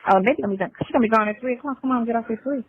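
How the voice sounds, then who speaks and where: A woman's voice: on the high side, racing, a little hiss or hum. A woman talking on a phone call, rambling and hesitant with many fillers. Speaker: caller in a played live call. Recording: tinny phone line.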